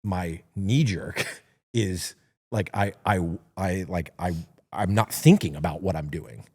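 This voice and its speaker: A man with a very low voice talks hesitantly, restarting his sentences often as he works out his thoughts. He speaks as a co-host in a casual discussion. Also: slow, mellow, husky. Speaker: podcast co-host.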